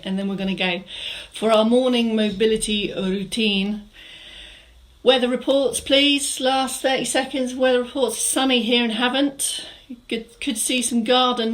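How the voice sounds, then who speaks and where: A woman's voice: a little high, a bit bright, low-quality recording. A middle-aged woman from England leading a live online exercise class, chatting through viewer comments and giving encouraging cues. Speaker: fitness instructor.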